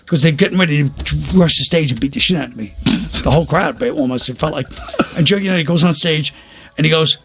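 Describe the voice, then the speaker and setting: A man's voice: fairly high pitch, fast talker. An older man from New York, a comedian telling stories in casual chat and acting out the people he quotes. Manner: animated storyteller, acts out quoted voices.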